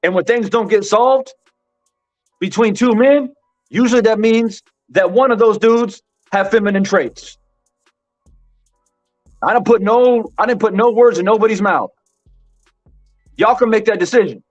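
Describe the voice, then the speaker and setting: Speaking a little slowly with long pauses, this high-pitched boxing commentary host addresses his live-stream chat emphatically. He repeats his points and says "bro" frequently, and the lo-fi recording is dull, with faint music.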